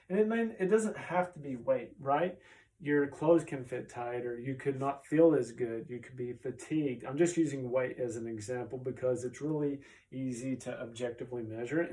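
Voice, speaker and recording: A man's voice: medium pitch, dark tone. Male chiropractor, easygoing explainer tone, voice recorded somewhat far from the mic. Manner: conversational, often tags on "right?". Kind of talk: casual explainer talk.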